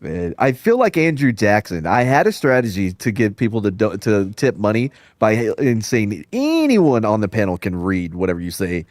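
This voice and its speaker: A man's voice: lowish voice, very animated, moderate pace, hardly any pauses, dry recording. A man hosting a podcast, chatting casually, joking, and reading out viewer tips. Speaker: podcast host. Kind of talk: casual chat.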